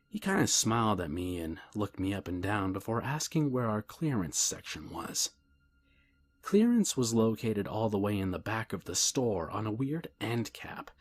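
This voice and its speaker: A man narrating a scary story in a calm, measured storytelling voice, sometimes dropping to a hushed whisper. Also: on the low side, slightly rough. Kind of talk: scripted horror story narration.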